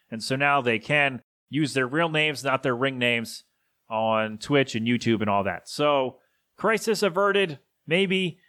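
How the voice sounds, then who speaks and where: Bright-voiced man rambling solo on a podcast. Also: medium pitch. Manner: casual, opinionated, self-correcting; drops into a gruff put-on voice for quick impressions. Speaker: podcast host.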